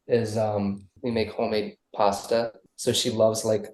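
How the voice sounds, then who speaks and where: A musician guesting on a casual podcast speaks with a lowish, darkish voice at a measured pace, his pitch barely moving. His interview chat is loose and rambling with many restarts, recorded with a roomy echo.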